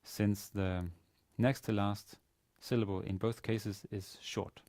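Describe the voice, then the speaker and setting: A man with a lowish, mellow voice lectures on grammar at a university, pausing often with hesitant fillers and restarting his sentences. The sound is dry and close, with almost no room echo. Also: level tone. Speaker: Arabic teacher.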